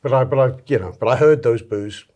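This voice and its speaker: A man's voice: medium pitch, fairly quick, crowd noise. A man hosting a casual football podcast, playful and jokey, often laughing as he talks. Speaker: podcast host.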